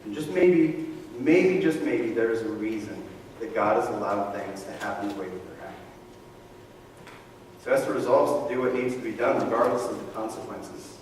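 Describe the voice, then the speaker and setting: A male pastor preaching a sermon, telling the story in a conversational, animated way with casual asides. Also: lowish voice, brisk. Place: church sanctuary. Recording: echoey hall, mic far from speaker, faint room noise.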